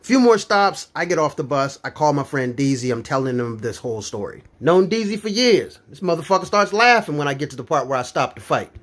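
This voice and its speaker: A young man from Florida doing stand-up, telling stories with a raised, fairly high voice. His pitch swings all over the place as he builds to each punchline, profane and incredulous. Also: a little fast, hardly any pauses. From Florida, USA. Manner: profane, animated, incredulous storytelling. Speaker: stand-up comedian. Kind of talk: stand-up comedy storytelling.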